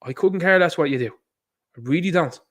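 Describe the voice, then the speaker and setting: A man's voice: a little high, a little fast. A man hosting his own online show, giving a blunt, mocking commentary monologue that rambles with restarts.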